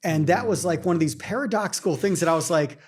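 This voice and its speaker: A man's voice: on the high side, animated, fast talker, husky. A middle-aged man co-hosting a podcast, telling anecdotes casually and filling his sentences with "like" and "right?". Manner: storytelling, with many fillers like "like" and "right?". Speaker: podcast co-host. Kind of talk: casual chat.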